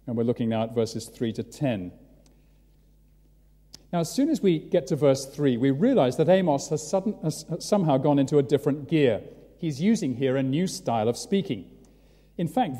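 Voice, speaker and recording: A man preaching a sermon in a large church, telling it with lively, dramatic storytelling. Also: mid-range voice. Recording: long church reverb.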